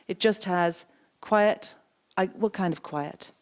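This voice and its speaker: Speaking slowly in a mid-range voice, a woman gives an interactive coaching keynote on a conference stage. As a keynote speaker and coaching trainer, she reflects the audience's words back and puts questions to them.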